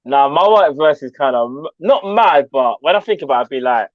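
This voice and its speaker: Joking man, lively pitch. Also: fairly quick, no room sound. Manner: joking, slangy, repeats phrases. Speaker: podcast co-host. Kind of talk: casual banter. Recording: dull lo-fi sound, dry.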